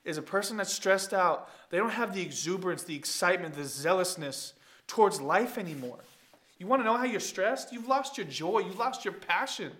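A male pastor giving an emphatic sermon, dropping low for quiet points and rising into loud calls to the congregation. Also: expressive, moderate pace. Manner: emphatic preaching, swings from soft asides to loud calls; talks straight to the congregation.

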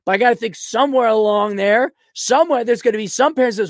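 A man hosting a podcast, delivering a blunt, mocking solo rant and often clearing his throat. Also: very high-pitched, quick pace, hardly any pauses, no room sound, clean studio sound. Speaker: podcast host. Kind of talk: ranting solo commentary.

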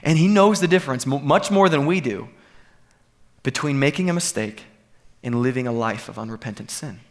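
A man's voice: mid-range voice, lively intonation, normal speed. A man preaching a sermon to a congregation, earnest and building to emphatic peaks. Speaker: pastor. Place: church sanctuary.

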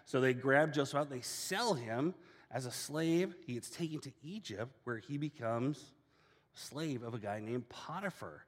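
A man preaching a sermon as a casual, animated storyteller. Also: mid-range voice, normal speed, long reverb tail. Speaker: pastor.

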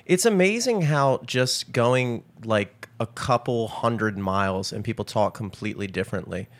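A man from Maryland, USA, co-hosts a podcast, speaking at a moderate pace in a voice on the low side. He's an animated storyteller in casual conversation, frequently saying "dude" and "like."

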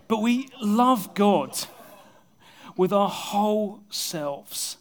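Male pastor, higher-pitched, delivering an earnest sermon with soft, intimate drops and light self-mocking humor. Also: lively intonation, very slow. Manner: earnest, often dropping to soft, intimate tones; self-deprecating humor with bursts of laughter. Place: church service with a congregation.

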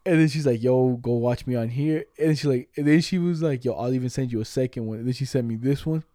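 A fast-talking podcast co-host in his twenties, with a mid-range voice recorded dry in studio quality, tells a story casually. He's animated and profane, acting out quoted lines from chats as he retells them.

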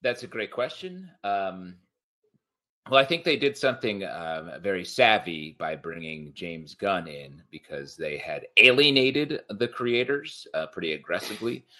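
A man co-hosting a casual live-streamed talk show, joking and animated. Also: sits low. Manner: joking, animated, quick asides. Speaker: podcast co-host.

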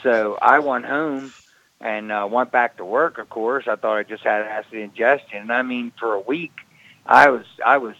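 A man's voice: medium pitch, normal speed, sharp tone, no room sound, lo-fi sound. A middle-aged man, a retired wrestler, telling his story casually on a talk show, often repeating words and saying "man".

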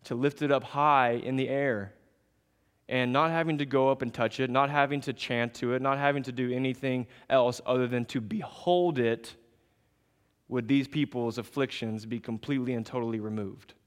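Male preacher, sermon delivery, measured then emphatic, reverberant church hall. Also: medium pitch, fairly even intonation, smooth. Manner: measured preaching that builds to raised emphatic passages. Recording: long reverb of a large hall.

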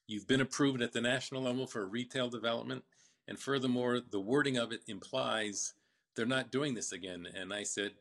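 An older man recounting his business story in a casual interview, halting with fillers and restarts. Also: medium pitch, vocal fry, fairly bright tone.

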